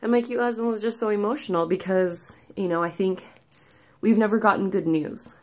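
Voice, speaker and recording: A woman's voice: medium pitch, fairly even intonation, fairly quick, a little mellow. A woman vlogger giving a candid, rambling personal update, a little out of breath and full of fillers. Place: at home, sitting.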